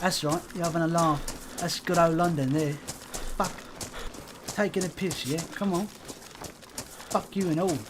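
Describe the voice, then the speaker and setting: A man's voice: high-pitched, moderate pace, creaky, background noise. A man putting on a swaggering, foul-mouthed northern English male brawler. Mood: taunting. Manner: swearing trash-talk in put-on English accent.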